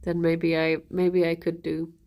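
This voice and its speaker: A tired woman streamer talks to her chat in an unhurried, drawn-out way. She sounds yawny and a little out of it, drifting between thoughts with soft ums and easy pauses. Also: on the low side. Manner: relaxed, trailing off with ums. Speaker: livestreamer. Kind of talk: casual chat with chat viewers.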